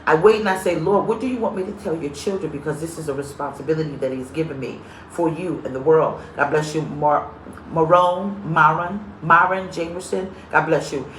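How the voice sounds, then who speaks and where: A woman pastor with a low voice speaks a little fast in a live-streamed sermon. She's a lively, comedic storyteller who greets viewers by name along the way, recorded in an echoey room with slight background noise.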